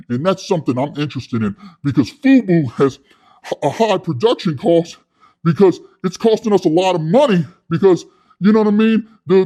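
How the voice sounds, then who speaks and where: A man's voice: high-pitched, dark tone, voice pushed up. A man playing an eager male clothing-brand investor who stumbles over repeated words.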